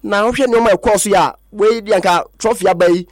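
A man with a Ghanaian accent presenting sports news in an excited way, acting out quotes from players and coaches. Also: high voice, fast talker, no room sound, studio quality. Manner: excitable, mixes languages, acts out quotes. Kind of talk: animated sports talk.

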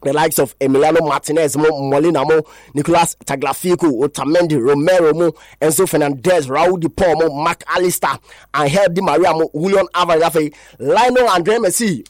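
Ghanaian guy on sports radio, high voice, rambles thru player names, dry close sound. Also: brisk, no room sound. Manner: rambling, switches languages, lists names. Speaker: radio sports show host. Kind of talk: sports talk radio chat.

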